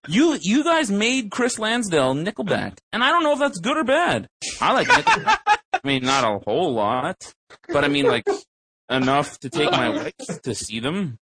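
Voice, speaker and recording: A man's voice: huge pitch swings, moderate pace, heavy background noise. A man on a podcast, rambling and swearing through casual stories with a lot of swing in his voice. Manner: profane, rambling storytelling with big pitch swings. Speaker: podcast co-host.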